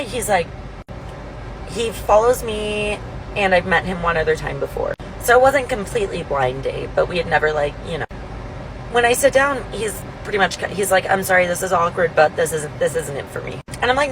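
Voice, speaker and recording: A woman's voice: fairly low pitch, lively intonation, fairly quick, background noise. A young woman telling a blind-date story in a candid, self-deprecating vlog, swearing freely.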